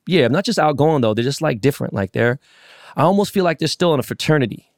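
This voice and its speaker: Guy on a podcast rattling off a wild story quick, cussing a lot, dry close sound. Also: on the high side, dry recording. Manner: animated, profane, acts out quotes. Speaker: podcast co-host. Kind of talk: casual storytelling.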